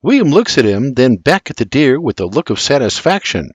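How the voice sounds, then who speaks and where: An older man narrating a historical audiobook in an expressive storytelling manner. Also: medium pitch, a little fast, hardly any pauses, husky, dry recording, clean studio sound.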